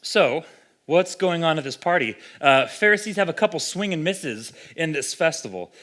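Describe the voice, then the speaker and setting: Brief: young male pastor, conversational sermon, lively delivery, voice a touch high. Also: normal speed. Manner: conversational, animated, acts out quoted voices.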